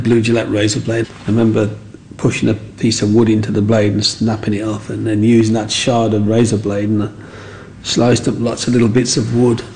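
A man with a medium-pitched, slightly mellow voice recalls his childhood earnestly and heartfelt as an interviewee, rambling with frequent asides in reflective storytelling. The audio is poor, with a little hiss or hum.

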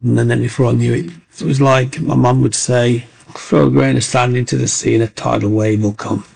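A man's voice: medium pitch, little pitch movement, fairly quick, gravelly, a little mellow. A man telling his life story as an interview guest, acting out the voices of people in it. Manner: acts out voices in his anecdotes. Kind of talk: animated storytelling.

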